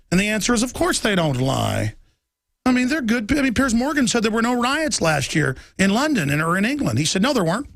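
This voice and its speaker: Middle-aged male radio host, raspy edge, fast fiery monologue, dry studio mic. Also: sits high, sing-song, a bit bright, dry recording. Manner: heated, rapid, ranting delivery. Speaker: radio talk show host. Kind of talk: political talk radio monologue.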